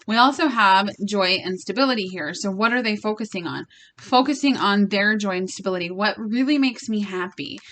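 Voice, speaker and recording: A young woman with a mid-range, fairly bright voice gives her viewers a casual spiritual card reading at a fairly quick pace. As a tarot reader, she speaks straight to the listener, blunt and emphatic, swearing freely.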